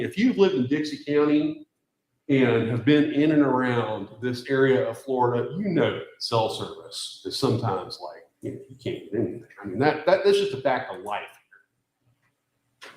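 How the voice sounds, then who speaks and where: A man's voice: mid-range voice, lively intonation, moderate pace, darkish tone. A man, a defense attorney, giving an emphatic closing argument to a jury with pointed rhetorical questions, recorded at a courtroom podium mic. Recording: echoey courtroom.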